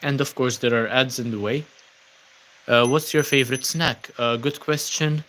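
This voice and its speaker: A man's voice: medium pitch, moderate pace. A young man from Malta hosting a casual livestream, reading out viewer comments with lots of ums and uhs. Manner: relaxed, many ums and uhs, thanking viewers. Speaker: livestream host.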